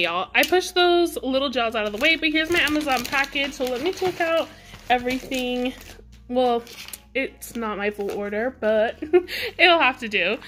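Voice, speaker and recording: Young female beauty vlogger, high voice, chatty and giggly, casual haul talk to camera. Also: noisy background. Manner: chatty, giggly, talks to viewers directly. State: out of breath. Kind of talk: casual product haul chat.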